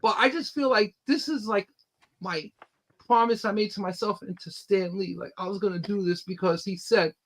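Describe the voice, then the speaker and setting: A man's voice: high-pitched, normal speed, low-quality recording. A man who creates his own comic books, telling stories eagerly in a casual podcast chat and rambling with lots of fillers. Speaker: independent comic book creator, guest.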